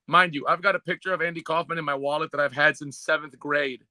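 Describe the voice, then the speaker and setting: Higher, bright-voiced man hosting. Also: fairly even intonation, fast, no room sound. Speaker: podcast host. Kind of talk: casual chat.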